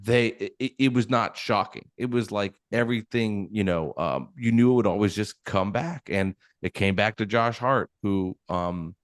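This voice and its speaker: A man's voice: lowish voice, moderate pace, hardly any pauses, no room sound, studio quality. A man co-hosting a sports podcast, recapping plays in detail. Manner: explains and recaps plays in detail, with frequent restarts. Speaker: podcast co-host. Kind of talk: casual sports chat.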